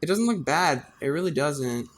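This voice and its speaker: A man's voice: fairly high pitch, animated, normal speed. A man designing on a computer, thinking aloud in a casual, self-deprecating way. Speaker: designer narrating his work. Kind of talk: casual screen-recording commentary.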